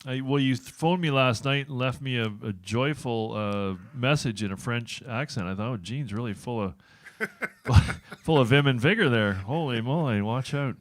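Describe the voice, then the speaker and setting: A man's voice: medium pitch, normal speed. A man of about sixty hosting a casual afternoon show, chatty and self-deprecating with a joking manner. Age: 60s. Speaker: host. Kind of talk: casual chat.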